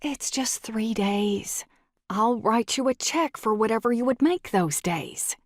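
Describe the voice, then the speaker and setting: Woman doing a high urgent young college girl. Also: animated, unhurried, no echo, clean studio sound. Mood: coaxing. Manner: raised, urgent pleading voice.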